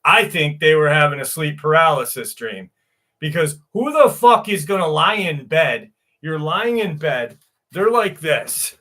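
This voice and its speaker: A man chats loosely on a livestream, tossing off crude jokes and greeting viewers by name. His voice sits a little high and sounds bright and forward. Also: sing-song, a little slow. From New York. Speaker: livestream host. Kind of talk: casual livestream chat.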